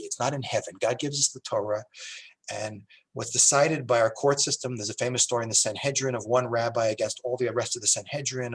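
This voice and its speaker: A middle-aged man lectures as a rabbi in a synagogue, his voice slightly husky and breathy. He talks conversationally, often restarting sentences, and gets animated when telling stories. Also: mid-range voice. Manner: animated storytelling with many restarts.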